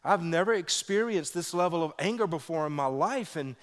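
A man's voice: fairly quick, in a large hall. A man preaching a sermon as pastor, telling personal stories and acting out quotes with big swings in his voice. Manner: animated, acts out quotes with big pitch jumps.

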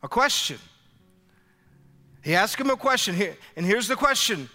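A man preaching a lively sermon as pastor, acting out biblical dialogue for his congregation in church. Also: high-pitched, normal speed, pauses often. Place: church sanctuary. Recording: live hall reverb with faint music.

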